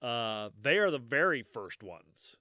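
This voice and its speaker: Man, podcast co-host, casual chat, joking, laughing, bright tone, dry close sound. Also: medium pitch, big pitch swings, unhurried, no room sound.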